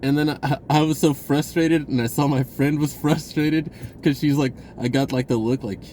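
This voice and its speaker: A man's voice: a little high, fairly even intonation, normal speed, warm tone, a little hiss or hum. A man telling a personal story in a casual, rambling way, laughing often and acting out the voices of people in it. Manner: acts out voices in his retelling.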